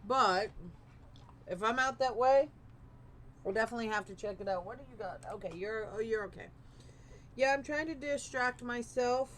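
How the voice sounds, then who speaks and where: Kinda high-voiced woman chatting to her stream, warm pep-talk vibe, bit of rambling, light hiss behind. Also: moderate pace, long pauses. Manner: gentle, encouraging, rambling. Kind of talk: casual live-stream chat while gaming.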